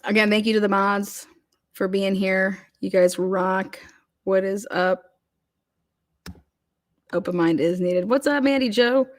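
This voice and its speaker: A woman's voice: mid-range voice, slow pace, long pauses. Rambling woman hosting a live chat. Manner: rambling, many fillers and restarts. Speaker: host. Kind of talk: casual livestream chat.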